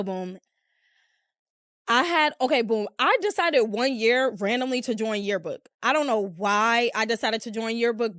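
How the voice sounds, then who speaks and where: A young woman hosts a podcast before a small live audience, rambling casually through stories and leaning heavily on the filler "like." Her mid-range voice has a fairly bright tone, and the recording is dry and studio quality.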